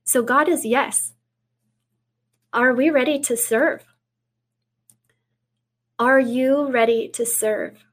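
A woman guest speaking earnestly in an interview, reading scripture aloud and dropping to a hush for quoted words. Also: high voice, slow pace, long pauses. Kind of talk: preaching in an interview.

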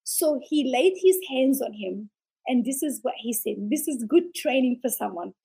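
High-voiced woman sharing a fervent testimony. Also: expressive, moderate pace, vocal fry, dark tone, breathy edge, rough recording. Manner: passionate, preacher-like, acts out quotes. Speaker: ministry founder, guest. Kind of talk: storytelling testimony in an interview.

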